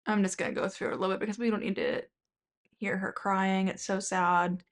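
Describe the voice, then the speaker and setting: A woman's voice: medium pitch, level tone, brisk, slight background noise. Indignant woman hosting a commentary channel. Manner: indignant, reading out viewer comments. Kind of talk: critical video commentary.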